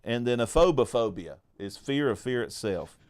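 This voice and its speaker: A man's voice: mid-range voice, lively intonation, normal speed, a little mellow. A man hosting a faith podcast, chatting casually and telling jokey, folksy stories with frequent restarts. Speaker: podcast host.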